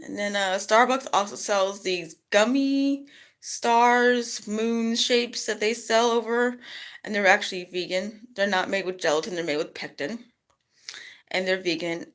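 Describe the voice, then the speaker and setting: A middle-aged woman talking casually to camera in a vlog, chatty and rambling, and she jumps her voice up high when quoting other people. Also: a bit bright. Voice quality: rambling, chatty, lots of "you know". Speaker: vlogger.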